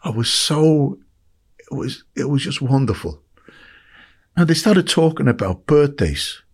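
Middle-aged Irish man, husky voice, emotional storyteller, emphatic. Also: medium pitch, very animated, a little slow. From Ireland. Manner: heartfelt, emphatic, repeats words for emphasis. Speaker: podcast guest.

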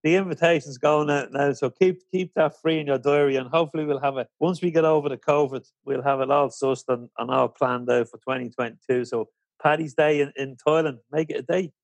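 Dry, slightly higher male podcast host. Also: steady tone, brisk, dry recording. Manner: friendly, chatty questions. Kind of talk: casual interview.

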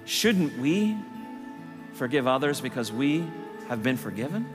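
A man preaching a sermon to his church, impassioned, his voice rising loud and high on key lines. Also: sing-song, a little slow, big-room sound, over music. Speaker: pastor. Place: church sanctuary.

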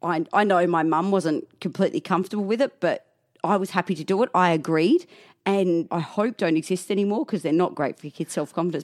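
A woman co-hosting a podcast, telling stories in lively casual chat and swearing freely. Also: medium pitch, dry recording, clean studio sound. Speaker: podcast co-host.

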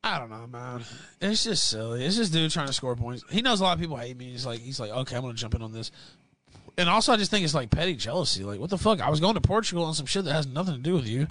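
High-pitched man ranting and shouting. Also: very animated, fast talker, no room sound. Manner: shouting, swearing, mocking, swings between yelling and muttering. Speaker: livestream host. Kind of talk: angry profane rant.

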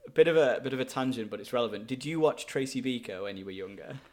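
Man, casual podcast co-host, chatty, laughs a lot, mid pitch. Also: a little mellow. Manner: chatty, laughs often, quick asides. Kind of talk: casual film review chat.

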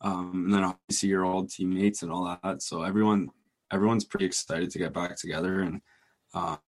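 A young man with a lowish voice talks easily among teammates. He rambles along, restarting sentences and padding them with "like" as he tells his stories in a loose, relaxed way. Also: fairly quick. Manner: rambling, laid-back storytelling with many "like"s and restarts. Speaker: hockey player, co-host. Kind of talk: casual group chat.

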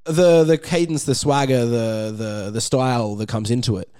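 A man's voice: medium pitch, normal speed, clear, resonant tone. A man, a rapper chatting casually as a guest, swearing freely and telling stories with energy. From Australia. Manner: laid-back, swears freely, energetic storytelling. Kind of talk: casual chat.

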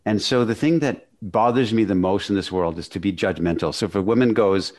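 A man's voice: fairly low pitch, fairly quick, few pauses. Emphatic man telling a story. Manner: animated, emphatic, acts out quoted dialogue. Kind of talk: casual storytelling chat.

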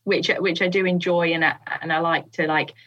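A woman's voice: on the low side, fairly even intonation, a little fast, fairly bright tone, highs cut off. A woman guest on a podcast, chatting casually with lots of fillers and frequent laughs. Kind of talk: casual chat.

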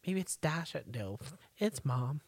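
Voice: medium pitch, lively intonation, a little slow, darkish tone, no room sound. A podcast co-host recapping a TV show in loose, casual chat, often saying "right" and "like". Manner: loose, fills in with frequent "right" and "like".

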